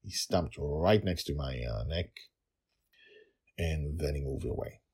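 A man narrating a story and a personal anecdote as a podcast host, in a calm, measured way. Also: extremely low pitch, creaky, breathy edge.

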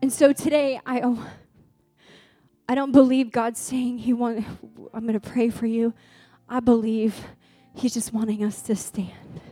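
A woman's voice: fairly high pitch, level tone, measured pace, mellow, no room sound, faint music behind. A woman preaching a sermon to a congregation, sharing personal testimony in an earnest way that builds to fervent exhortation. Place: gathering room with a congregation.

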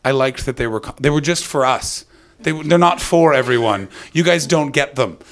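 A man's voice: medium pitch, animated, normal speed, a bit bright. A man with a North American accent hosting a comedy podcast, talking in rambling, sarcastic, profane banter. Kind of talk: casual comedic chat.

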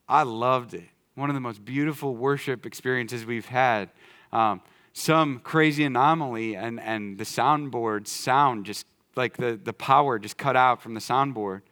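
Animated, conversational man preaching. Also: medium pitch. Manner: conversational, animated, jumps between loud excitement and quiet emphasis. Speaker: pastor. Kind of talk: sermon. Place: church sanctuary.

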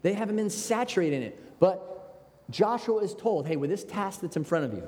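An American man preaching a sermon in a conversational, animated way, with quoted asides. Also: sits high, moderate pace. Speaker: pastor. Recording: long hall reverb.

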